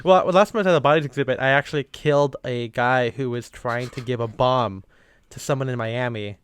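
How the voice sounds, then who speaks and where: A man's voice: medium pitch, a little fast, smooth. A young man co-hosting a podcast, rambling and laughing often. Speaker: podcast co-host. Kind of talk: casual chat.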